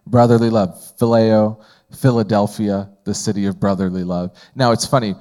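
Mellow, low-voiced male Bible teacher. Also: steady tone, normal speed. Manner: conversational, asks the group questions, frequent fillers. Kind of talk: Bible study lesson.

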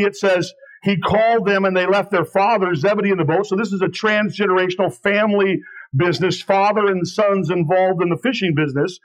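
A pastor preaching in a church, his voice sitting high for a man. He presses each point hard, repeating phrases and sinking low and slow when he lands one. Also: poor audio. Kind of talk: sermon.

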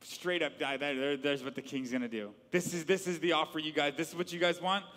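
A middle-aged man, a pastor, preaching a sermon with animated storytelling and repeated words. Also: on the high side, a little fast, in a large hall.

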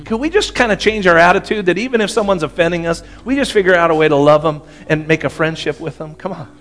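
A man's voice: on the high side, fast talker, fairly bright tone. A man preaching a sermon in a conversational way, often checking in with the congregation. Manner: conversational, asks the audience for agreement. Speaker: pastor.

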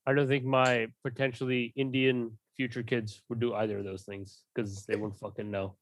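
A man's voice: medium pitch, flat delivery, moderate pace, low-quality recording. A man co-hosting a podcast, throwing out teasing, crude jokes in a casual chat.

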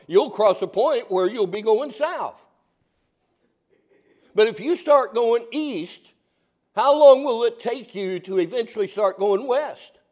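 A man with a high voice delivers a Sunday sermon. His manner is folksy, and he keeps turning to the congregation with questions. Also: darkish tone. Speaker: pastor.

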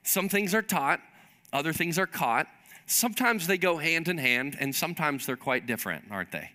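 A male pastor delivering a sermon in a lively storytelling manner. His voice sits a little high and comes across bright and forceful. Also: normal speed.

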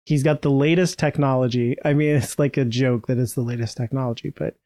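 A man's voice: medium pitch, fairly even intonation, a little fast, warm tone, dry recording, clean studio sound. Chatty man on a book podcast. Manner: chatty, laughs often, does silly voices. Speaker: podcast co-host. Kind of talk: casual book-club chat.

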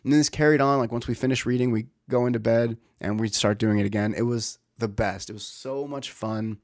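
A man's voice: mid-range voice, fairly even intonation, brisk, no echo, studio quality. A man in his thirties, a father talking in a casual, reflective way, rambling with many fillers and restarts. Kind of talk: casual personal talk.

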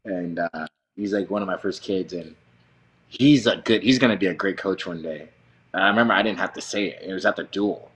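Laid-back, cussing man with a low voice. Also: fairly quick, fairly bright tone. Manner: swears freely, laughs a lot, rambling storyteller. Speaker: wrestling coach, guest. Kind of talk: casual chat.

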